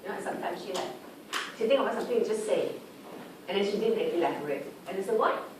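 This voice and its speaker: A woman tutor giving an informal exam revision lecture, often checking in with her students through tag questions. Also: medium pitch. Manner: chatty, lists examples briskly. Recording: echoey room recorded from far off with background noise.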